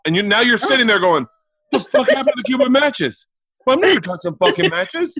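A comedian telling rapid, profane family stories on a podcast and acting out his relatives' voices. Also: extremely high pitch, big pitch swings, sharp tone, breathy edge, dry recording. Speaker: comedian guest. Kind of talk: animated storytelling on a podcast. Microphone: remote call mic.

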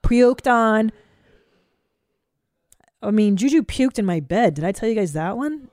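Woman podcast host, swears a lot, animated storytelling, dry close sound. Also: on the high side, unhurried, dry recording. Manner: blunt, profane, animated storytelling. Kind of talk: casual chat.

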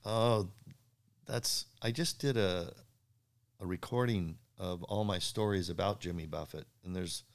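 A man, a surfboard craftsman, telling animated stories in an interview, acting out the dialogue and laughing at his own jokes. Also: sits low, unhurried, smooth. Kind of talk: storytelling in a podcast interview.

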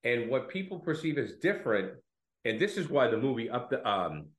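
A man co-hosts a casual film discussion, rambling through his points with plenty of restarts. His pitch swings lively up and down, and the recording rings with a roomy echo. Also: fairly quick. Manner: rambling, with false starts and self-corrections. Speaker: film podcast co-host.

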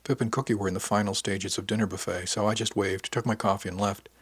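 Male narrator, low voice, husky, dry close sound, easygoing first-person audiobook reading. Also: fairly even intonation, fast talker, no room sound.

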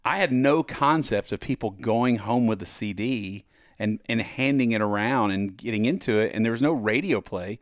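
This man, appearing as the musician guest on a podcast, is a lively storyteller who performs the quoted voices of his characters. He has a mid-range voice at normal speed, recorded dry in a clean studio.

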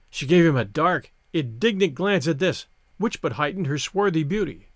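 A man narrating an adventure story as an audiobook, in expressive, measured storytelling. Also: fairly high pitch, no room sound, studio quality.

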